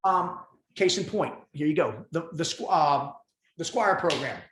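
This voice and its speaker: A man in his fifties talks as a podcast guest. He is blunt and emphatic, and he delivers tough love without softening it. His voice carries a noticeable room echo. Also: a little high, lively intonation, measured pace, slight background noise. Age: 50s. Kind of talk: casual interview talk.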